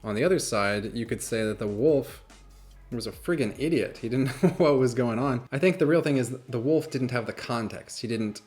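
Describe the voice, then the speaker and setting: A man with a mid-range voice hosts a casual video, talking in a loose, chatty way. He jokes often and breaks into laughs as he reads and muses aloud. He comes across as relaxed and playful. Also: mid-range voice, normal speed, faint music behind. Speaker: magician and YouTuber. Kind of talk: casual reaction vlog and fable reading.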